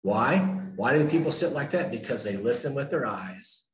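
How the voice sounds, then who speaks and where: A man's voice: medium pitch, animated, normal speed, a bit bright. An older man speaking at a recovery meeting, telling his story emphatically and repeating key lines for effect. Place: meeting room. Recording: echoey room.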